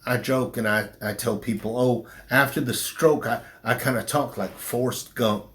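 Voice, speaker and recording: A middle-aged man, a pastor, speaking slowly and haltingly in an interview, with a slight southern drawl since his stroke. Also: mid-range voice, steady tone, fairly bright tone. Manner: slow, halting speech with restarts after a stroke. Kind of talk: personal interview.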